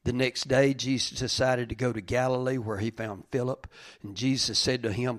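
A middle-aged male pastor preaching a sermon, dropping to quiet, hushed lines and then rising to loud, fervent preaching. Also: mid-range voice, steady tone, fairly quick, few pauses, dry recording, studio quality.

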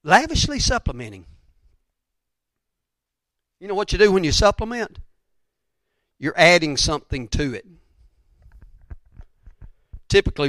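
A folksy preacher, a man, speaking in a fairly high voice. He rambles through his sermon with repeated phrases and asides. The sound is dry and close. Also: fairly bright tone, no echo. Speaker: pastor. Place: church sanctuary.

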